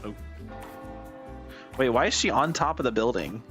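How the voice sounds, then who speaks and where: A man chats casually while streaming a game, rambling with plenty of fillers and dry asides. His voice sits at a middle pitch. Faint game music runs underneath. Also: animated, moderate pace, fairly bright tone. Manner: rambling, filler-heavy, wry. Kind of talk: casual gaming commentary.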